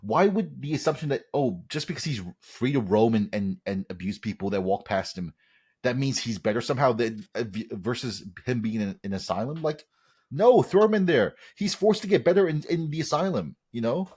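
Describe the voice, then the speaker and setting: A man co-hosting a podcast talks forcefully and swears freely. His voice is a bit husky and moves up and down a lot. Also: medium pitch, lively intonation, a little fast. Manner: forceful, profane. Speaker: podcast host. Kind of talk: casual chat.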